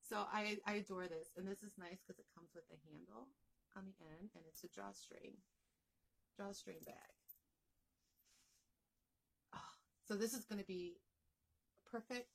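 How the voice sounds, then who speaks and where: A woman vlogging as she unboxes a crochet gift, gushing and excitable, often repeating herself. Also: lowish voice, vocal fry, breathy edge. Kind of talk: unboxing vlog.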